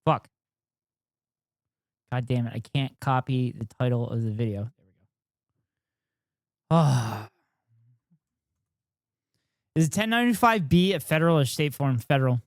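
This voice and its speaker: A man's voice: mid-range voice, animated, measured pace, long pauses, dry recording, studio quality. A man live-streaming and chatting with viewers in a rambling, self-deprecating way. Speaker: streamer reacting with chat. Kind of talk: casual live-stream chat.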